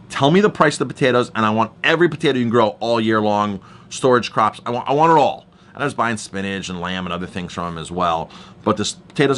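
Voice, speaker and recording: Low-voiced man, earnest chef. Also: a bit bright, slight background noise. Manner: earnest, emphatic, repeats words as he goes. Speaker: chef and restaurant owner. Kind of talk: storytelling staff training talk.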